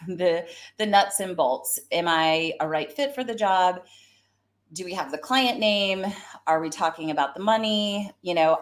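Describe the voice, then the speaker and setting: A woman with a Southern US accent hosting a solo live stream on career advice. She talks like a recruiter, chatty and fired up, with plenty of fillers. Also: lowish voice. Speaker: host, recruiter.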